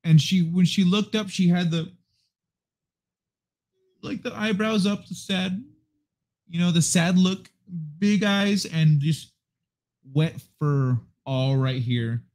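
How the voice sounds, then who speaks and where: This livestream host's voice sits high and darkish, and he talks slowly with long pauses. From a desk mic in his apartment living room he rambles casually to viewers, swearing plenty.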